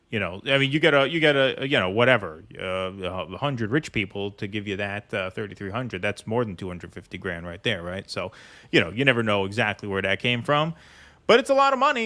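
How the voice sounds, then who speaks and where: Bright-voiced, sardonic host of a political stream. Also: male voice, on the low side. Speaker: show host. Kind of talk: casual political chat.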